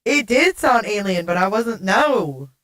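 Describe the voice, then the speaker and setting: A woman livestream host talks slowly and casually to her viewers, laughing often and cursing when flustered. Her voice comes through a desktop mic and a glitchy voice changer that warps it into something alien. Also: medium pitch, sing-song, fairly bright tone. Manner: giggly, flustered, swears casually. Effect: glitchy voice changer making her sound alien. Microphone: desktop streaming mic.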